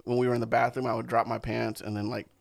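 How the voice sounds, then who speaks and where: Fast-talking man telling crude stories. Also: medium pitch, gravelly. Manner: fast, animated storyteller who puts on voices for others. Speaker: podcast co-host. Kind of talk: crude casual comedy banter.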